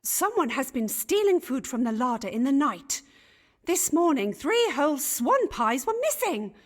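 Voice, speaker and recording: Gossipy elizabethan lady, real high, swoopy, easily shocked. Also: very animated, a little slow. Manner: chattering archaic speech, easily scandalised. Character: fussy, gossipy Elizabethan gentlewoman.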